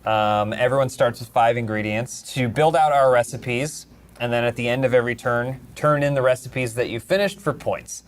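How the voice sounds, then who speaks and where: A man's voice: medium pitch, normal speed. A man hosting a board game session, casually explaining the rules and laughing often with the players. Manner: upbeat, laughs often, talks through rules with restarts. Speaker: game host.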